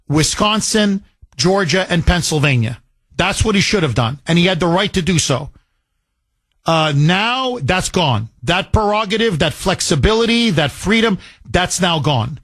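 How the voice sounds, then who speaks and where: A man's voice: high-pitched, a bit bright, no echo. A man hosting a call-in political talk radio show, talking emphatically with repeated phrases and rambling asides.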